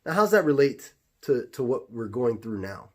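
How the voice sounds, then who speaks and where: A man's voice: medium pitch, very animated, moderate pace. An American man, a jiu-jitsu instructor, talking through life advice in a reflective, conversational way with frequent restarts. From United States. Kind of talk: casual advice talk.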